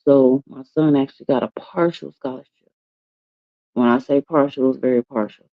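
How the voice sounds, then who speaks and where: A woman's voice: a bass voice, no echo. Chatty woman with a slightly muffled voice. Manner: chatty, emphatic, drawn-out stresses, calls listeners "y'all" and "baby". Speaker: host. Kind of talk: casual morning chat to viewers. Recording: dry, slightly dull sound.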